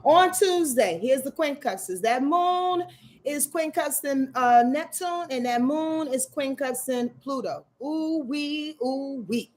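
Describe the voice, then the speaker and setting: Animated slangy woman talking astrology. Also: sits high, slow. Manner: animated, slangy, laughs often, clears throat. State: sore back. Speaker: astrology channel host. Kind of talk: casual livestream astrology talk.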